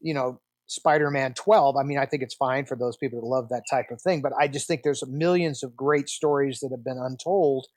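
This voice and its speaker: A man in his sixties, a film producer guest, telling chatty, animated anecdotes in a casual interview, with frequent restarts. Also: mid-range voice, a little fast, few pauses, no room sound.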